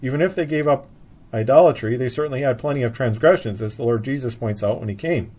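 A man's voice: medium pitch, lively intonation, fast, a little mellow, husky. A man giving an expository Bible sermon, reading scripture passages aloud in old-fashioned wording and then explaining them plainly. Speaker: Bible teacher.

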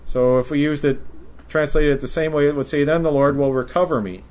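A man preaching a sermon, speaking in a measured way and reading scripture passages aloud in old-style wording. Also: a little high, darkish tone.

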